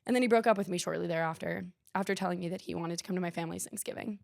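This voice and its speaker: A woman's voice: on the low side, racing, creaky, no room sound, clean studio sound. A young woman hosting a podcast, telling a rambling, self-deprecating story in casual chat, full of "like". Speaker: podcast host.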